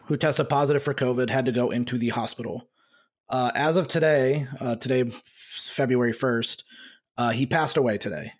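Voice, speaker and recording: Angry, halting male podcast host. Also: mid-range voice. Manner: angry, halting, many fillers and restarts. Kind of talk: casual podcast talk.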